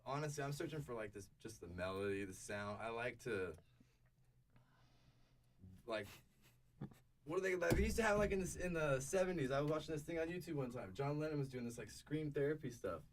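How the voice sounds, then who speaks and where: A laid-back band musician rambles through his answers, reaching for words as he goes. He sits back from the microphone, and steady noise and clicking run under his voice. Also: medium pitch, brisk, long pauses. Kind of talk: casual radio interview chat. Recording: distant mic with noise and clicks.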